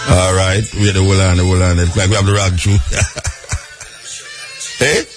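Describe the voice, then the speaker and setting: A Jamaican man hosting a radio talk show, relaxed and chatty, with lots of short agreeing replies. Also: low voice, fairly quick, over music. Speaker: radio host. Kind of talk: casual radio chat.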